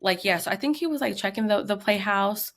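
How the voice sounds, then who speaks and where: A woman in her thirties with a mid-range voice speaks briskly as a podcast co-host. In casual chat, she animatedly retells a tense family story, acting out the quotes.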